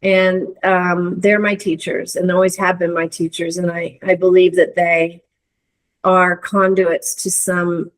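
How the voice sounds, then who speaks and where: A middle-aged woman, a guest in a conversation, telling a reflective story with many restarts and searching pauses. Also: on the low side, level tone, low-quality recording. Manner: earnest, searching, lots of hedges and restarts. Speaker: interview guest.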